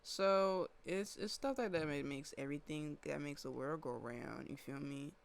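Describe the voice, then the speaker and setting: A man's voice: on the high side, normal speed, creaky. Slangy, rambling young-sounding man. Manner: loose and slangy, rambling with many fillers. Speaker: musician breaking down his own song. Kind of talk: casual walkthrough of a music session.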